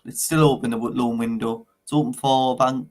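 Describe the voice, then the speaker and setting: A man chats about football transfers in an easygoing way. He teases his co-host and laughs often. His voice sits at an ordinary middle pitch. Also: steady tone, brisk. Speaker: co-host of football talk show. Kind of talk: casual chat.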